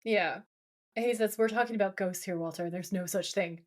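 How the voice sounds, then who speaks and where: A woman co-hosts a podcast, casually recapping a TV episode and quoting characters with lots of swearing. Her voice is medium in pitch and fairly quick.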